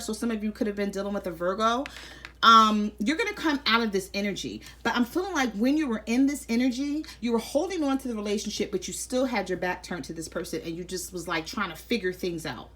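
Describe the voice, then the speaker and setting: A woman's voice: a little high, a bit bright. A woman giving a casual tarot reading, chatty and conversational, often checking in with "okay?". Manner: chatty, repeats "I'm feeling like" and "okay?". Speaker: tarot reader.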